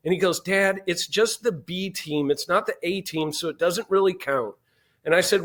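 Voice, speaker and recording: A middle-aged man telling a family story as a podcast guest, animated and acting out the dialogue. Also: on the high side, normal speed. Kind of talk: storytelling in casual interview.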